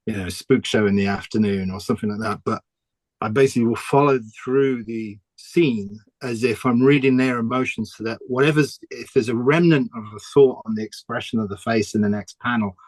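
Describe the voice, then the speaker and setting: A man, a comic artist talking casually in an interview, chatty and quick to laugh. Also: mid-range voice, no echo. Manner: chatty, laughs often, restarts sentences.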